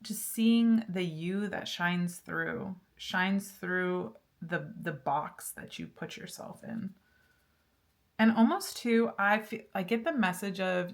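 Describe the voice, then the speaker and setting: A woman's voice: on the low side, takes it slowly. A woman giving a casual pick-a-card tarot reading, chatty and laughing often, with lots of fillers and restarts. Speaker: tarot reader.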